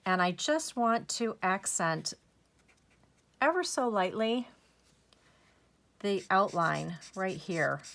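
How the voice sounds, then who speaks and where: A woman hosting a crafting channel, talking through a coloring tutorial step by step in a soft, unhurried, gently encouraging way. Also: mid-range voice, expressive, gravelly.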